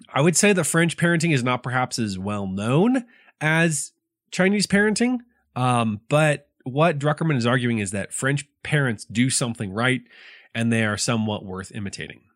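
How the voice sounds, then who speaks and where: Animated man chatting about a book. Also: mid-range voice, dry recording, studio quality. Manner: animated, laughing, many restarts. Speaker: podcast co-host. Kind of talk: casual book chat.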